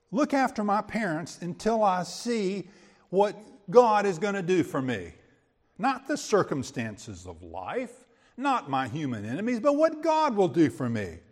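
A man's voice: sits high, in a large hall. A man teaching a verse-by-verse Bible sermon in a conversational way, with quips and rhetorical questions. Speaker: preacher.

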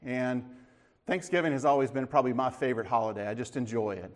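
A man's voice: medium pitch, fast. A middle-aged man speaking to a church audience in a folksy, casual way, telling corny jokes before turning to a thankful devotional message. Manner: folksy, tells corny jokes with relaxed asides. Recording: long reverb of a large hall.

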